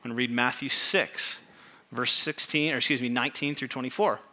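A man preaching a sermon as pastor, asking the congregation questions and reading scripture slowly with emphasis. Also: medium pitch, steady tone, sharp tone. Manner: call-and-response questions to congregation.

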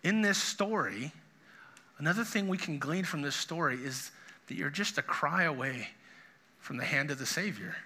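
A man's voice: fairly high pitch, sharp tone. A middle-aged man, a pastor, preaching a sermon in an earnest, conversational way with frequent restarts.

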